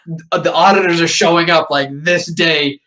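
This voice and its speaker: A man's voice: a little high, steady tone, normal speed, bright, forceful tone, poor audio. A young man co-hosting a podcast, telling a rambling story full of swearing and asides. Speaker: podcast co-host. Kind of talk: casual chat.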